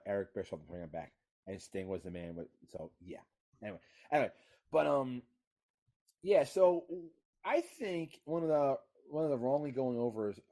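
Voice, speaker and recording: Man, casual wrestling talk, profane, animated pitch, voice spikes when riled. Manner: profane, gets loud and high-pitched when worked up. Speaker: podcast co-host.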